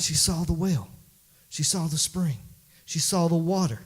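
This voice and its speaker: Man, pastor, folksy sermon, slightly higher voice, conversational with emphatic peaks. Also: animated, a little slow, husky. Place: church.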